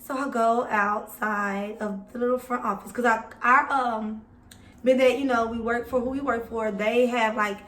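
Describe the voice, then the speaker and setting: A woman's voice: on the high side, steady tone, normal speed, fairly bright tone. A young woman vlogger telling a story casually and with swearing, talking straight to her viewers. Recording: echoey room, mic at a distance.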